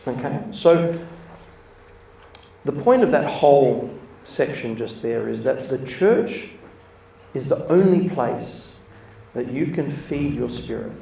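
Gravelly man preaching in an echoey hall. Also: medium pitch, slow pace. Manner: chatty, laughs between points, lively storytelling. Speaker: church speaker. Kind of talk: informal sermon with storytelling. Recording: echoey room, mic from a distance, faint ambience.

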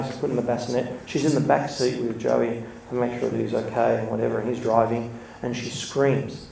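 A man's voice: medium pitch, little pitch movement, fairly quick, gravelly, few pauses, heavy background noise. A man giving an informal sermon, chatty and storytelling, laughing between points. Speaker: church speaker. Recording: echoey room, mic from a distance, faint ambience.

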